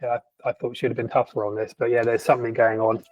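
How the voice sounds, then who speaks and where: A man co-hosting a podcast in casual chat, animated and sardonic, stumbling through frequent restarts. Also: medium pitch, quick pace, no room sound, dull audio. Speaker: podcast co-host.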